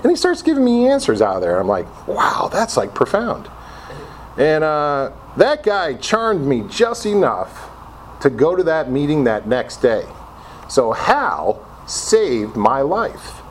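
A man's voice: fairly high pitch, huge pitch swings, unhurried, a little hiss or hum. A middle-aged man from Connecticut sharing his own story with a group in a casual, self-mocking way, acting out his old reactions as he goes. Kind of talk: personal recovery talk to a group.

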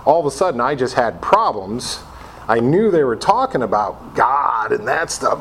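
A man's voice: medium pitch, big pitch swings, moderate pace, a bit bright, a little hiss or hum. A middle-aged man from Connecticut sharing his own story with a group in a casual, self-mocking way, acting out his old reactions as he goes. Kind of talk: personal recovery talk to a group.

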